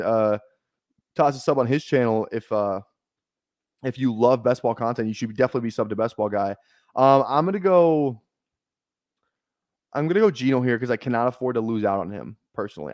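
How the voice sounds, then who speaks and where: A man's voice: mid-range voice, a little mellow, no room sound, clean studio sound. A man streaming fantasy football drafts, chatting casually in a rambling, joking, self-deprecating way. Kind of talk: casual livestream chat while drafting.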